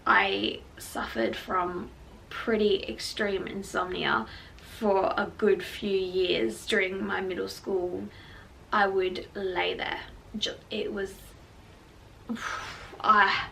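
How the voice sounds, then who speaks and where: A woman's voice: medium pitch, level tone, slow pace, vocal fry, bright, forceful tone. A young woman, candidly and emotionally telling her own story as a vlogger, with lots of "like" fillers. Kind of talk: personal storytelling to camera. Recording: slightly distant mic with faint background noise.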